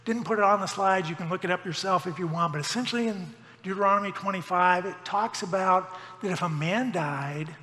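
A man's voice: high voice, a little fast, sharp tone, big-room sound. A middle-aged man preaching a sermon as pastor, with folksy joking asides.

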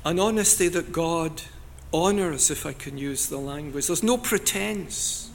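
A man preaching a sermon in an earnest, deliberate way, now and then rising to loud cries as he quotes scripture. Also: fairly high pitch, vocal fry, a little hiss or hum.

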